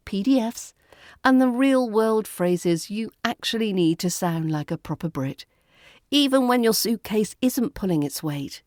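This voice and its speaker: Slow, mellow British RP accent coach. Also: female voice, medium pitch, dry recording. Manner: dry, wry, precise enunciation. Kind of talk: scripted lesson and storybook narration.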